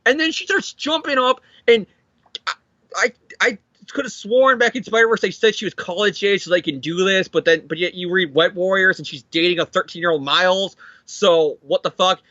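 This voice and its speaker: A man's voice: high voice, moderate pace, pushed and bright, no room sound. A man co-hosting a casual comic book podcast, talking animatedly, swearing freely and mocking the characters in silly voices. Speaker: podcast co-host. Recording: dull lo-fi dry sound.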